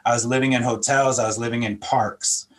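A man's voice: mid-range voice, steady tone, brisk. A middle-aged man from Philadelphia tells his life story as an interview guest, with a voice in the middle range. He speaks earnestly and reflectively and often repeats a word while finding his thoughts. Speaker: interview guest sharing testimony. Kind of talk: personal testimony.

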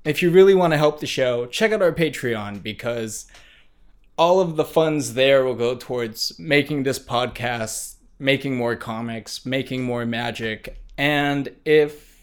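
A man's voice: medium pitch, a little slow, clean tone. A man hosting a casual podcast, talking in a dry, laid-back way and rattling off plugs for the show. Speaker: podcast host. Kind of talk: casual chat.

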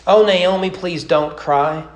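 A woman's voice: fairly low pitch, slow. A man reading a rhyming poem aloud and voicing a loyal, devoted young widow. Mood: earnest. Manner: rhyming sing-song recitation. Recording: roomy church sanctuary.

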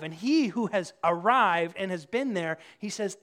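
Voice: medium pitch, sing-song, unhurried, hardly any pauses. A preacher giving a casual, conversational sermon at a church service, acting out quotes in different voices.

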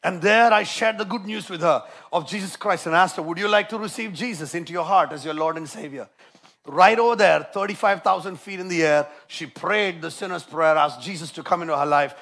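A man preaching a sermon with passion, moving between loud emphatic lines and quieter storytelling. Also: high-pitched, vocal fry.

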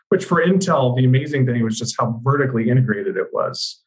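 A male industry analyst as a guest, telling his career story in a relaxed way, full of you-knows. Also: mid-range voice, brisk, hardly any pauses, low-quality recording. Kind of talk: conversational interview.

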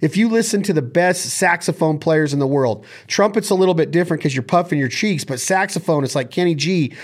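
Pria pembawa acara yang bersemangat. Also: male voice, fairly high pitch, a little fast. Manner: enthusiastic, vocalizes duck-call sounds in demonstration. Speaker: podcast host. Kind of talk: casual instructional chat.

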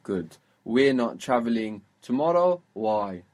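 Patient husky male language teacher. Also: mid-range voice, big pitch swings, darkish tone. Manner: patient, prompting questions, slow model phrases. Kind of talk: spoken language lesson.

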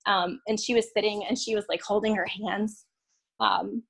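This is a young woman in her everyday speaking voice, pitched at a middle height. She tells a personal story as a guest, casual and unpolished. She hesitates often and restarts her sentences. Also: fairly even intonation, breathy edge. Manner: halting, full of "um" and "like", restarts. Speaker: podcast guest; violin teacher.

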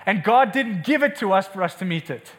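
A man's voice: sits high, lively intonation, fairly quick, fairly bright tone. A male pastor preaching an impassioned, emphatic sermon in a church meeting room, repeating words for force.

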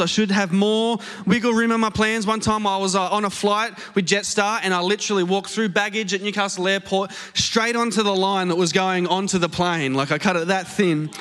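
A man with an Australian accent preaching a sermon, telling a story in an animated, self-mocking way on a stage microphone in a church auditorium. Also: sits high, clean tone. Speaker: pastor. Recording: long hall reverb.

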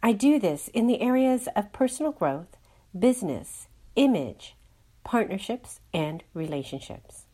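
Slow, soothing woman guiding a meditation. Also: medium pitch, very animated, mellow, breathy edge. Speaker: inner healing guide. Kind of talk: guided meditation and astrology talk.

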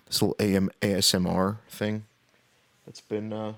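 Deep gravelly man ranting on a podcast. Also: little pitch movement, normal speed, a bit bright. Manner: profane, blunt and sarcastic; laughs between points. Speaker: podcast host. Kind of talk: casual podcast rant.

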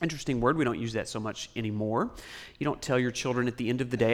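A male pastor preaching a sermon, swinging from loud emphatic lines to soft quiet ones and dropping in joking asides. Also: mid-range voice, fast.

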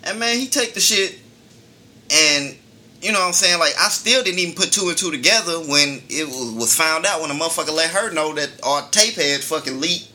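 Man, very bright voice, slightly high, casual profane storyteller, faint ambience. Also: animated, fairly quick. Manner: laid-back, profane, laughing storyteller. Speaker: podcast co-host.

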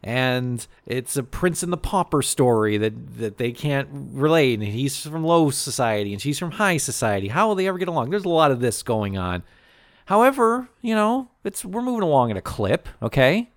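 Animated man recapping a movie. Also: mid-range voice, no echo, studio quality. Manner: animated, acts out characters in quick voices, profane. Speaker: podcast co-host recapping a movie. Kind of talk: casual comedic chat.

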